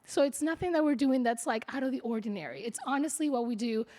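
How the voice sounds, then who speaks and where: A woman with a high, bright voice speaks into a podium microphone at an awards breakfast. She is in her thirties and a Spanish speaker, and she laughs easily as she tells her story, slipping into Spanish now and then. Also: quick pace. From Colombia. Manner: animated and laughing, mixing in Spanish. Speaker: award honoree, TV reporter. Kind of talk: acceptance speech. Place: banquet hall at an awards breakfast.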